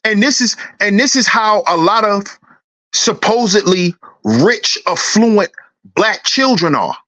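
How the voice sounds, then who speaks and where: A man's voice: high-pitched, expressive, takes it slowly, sharp tone. A man hosting a livestream, ranting in a heated, preachy and profane way, repeating his lines for emphasis. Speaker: livestream host. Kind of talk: livestream commentary rant.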